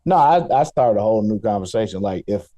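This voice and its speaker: A young man co-hosting a casual podcast, playful and quick to laugh. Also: lowish voice, expressive, warm tone. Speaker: podcast co-host.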